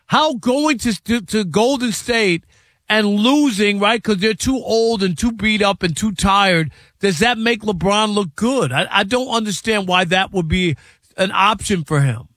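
A man's voice: sits high, unhurried, fairly bright tone, no room sound, studio quality. A man co-hosting a sports radio show, pressing his partner with incredulous questions. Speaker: co-host.

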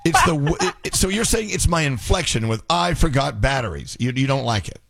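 A man's voice: fairly high pitch, fairly quick, creaky, heavy background noise. A man hosting a radio show in casual banter, joking and restarting his sentences. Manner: animated, joking, stammering restarts.

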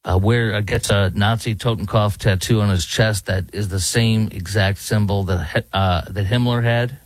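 A man's voice: lowish voice, fairly even intonation, moderate pace, dry recording. Brief: male talk host, fired-up rambling opinion, dry close sound. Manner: indignant, emphatic, rambling with fillers. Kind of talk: opinionated commentary.

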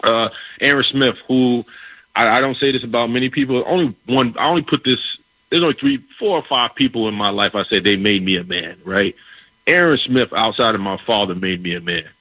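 Husky-voiced man telling a story. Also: medium pitch, fairly quick, no echo, narrow, tinny audio. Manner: animated, repeats words, acts out quoted dialogue. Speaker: former pro football player, guest. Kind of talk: casual storytelling.

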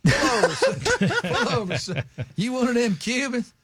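Swaggering Florida traffic cop, put on by a man, drawling, bossy, high-pitched voice. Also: wildly swooping pitch, moderate pace, a bit bright, full character voice. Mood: mocking.

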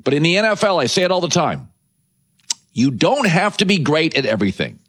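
A man's voice: fairly high pitch, sing-song, brisk, a bit bright, husky. A man hosting a sports radio show, delivering an emphatic, punchy monologue of opinions.

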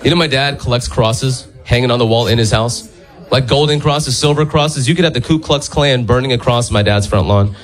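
A man's voice: mid-range voice, brisk. A man performing stand-up, telling stories animatedly and slipping into voices. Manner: animated storytelling with put-on voices. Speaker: stand-up comedian. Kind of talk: stand-up set. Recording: live comedy recording, audience laughter. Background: audience laughter.

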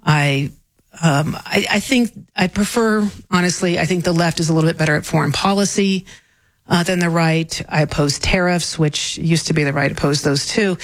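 A woman's voice: sits low, normal speed, no room sound, rough recording. A woman guest-hosting a talk radio show, candid and opinionated, speaking casually into a studio microphone. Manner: candid, opinionated, self-deprecating.

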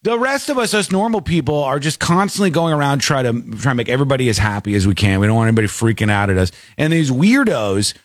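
A man's voice: medium pitch, animated, quick pace, few pauses, dry recording, clean studio sound. A man hosting a talk show, ranting in casual banter with mock outrage.

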